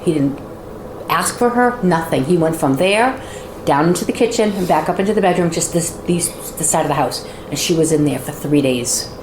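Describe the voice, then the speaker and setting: A woman's voice: deep voice, moderate pace. A woman telling a firsthand story as a house guide, acting out the voices of the people in it, recorded inside a large old house. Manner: lively, acts out quoted voices. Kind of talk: animated storytelling. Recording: echoey room with background noise.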